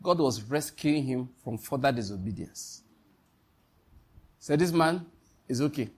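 A man's voice: medium pitch, animated, a little slow, breathy edge. A man with a Nigerian accent preaching a sermon, emphatic and repetitive, often quizzing his listeners. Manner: emphatic, repeats key lines, quizzes the listeners.

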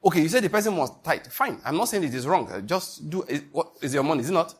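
A pastor preaching an emphatic sermon, often asking the congregation if they follow. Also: male voice, a little high, animated, fast talker, slightly rough.

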